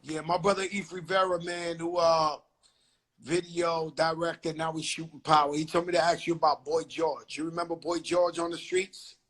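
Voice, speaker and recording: A man from the Bronx with a notably high voice chats over a phone video call. He tells street stories in a loose, animated way, swearing freely as he goes. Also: normal speed. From the Bronx, New York. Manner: animated, swearing, acts out quotes loudly. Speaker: host of a live video chat. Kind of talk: casual storytelling chat. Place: home, live video call.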